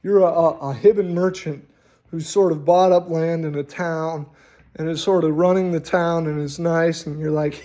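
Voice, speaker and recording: A man hosting a casual, rambling talk on tabletop role-playing, animated and full of swearing. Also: fairly high pitch, a little slow. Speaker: host.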